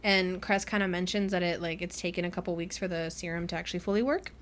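A young woman co-hosting a podcast, recapping a novel in casual chat and acting out the characters' lines with quick laughs. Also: on the low side, slight background noise. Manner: chatty recap with acted-out quotes and frequent laughs. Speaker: podcast co-host. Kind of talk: casual book-club chat.

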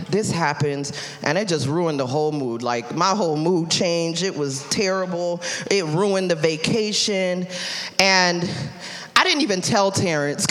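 Woman preacher with a bright voice in a reverberant hall. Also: medium pitch. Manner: conversational, storytelling preaching that builds to shouting. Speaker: pastor. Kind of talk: sermon. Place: church sanctuary. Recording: live church hall with long reverb.

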